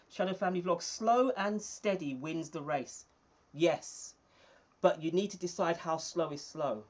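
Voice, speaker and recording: A man hosting his own livestream in a casual, chatty way, reading viewer comments and thanking people by name, indoors under bright lights. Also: fairly high pitch. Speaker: small YouTuber hosting a livestream.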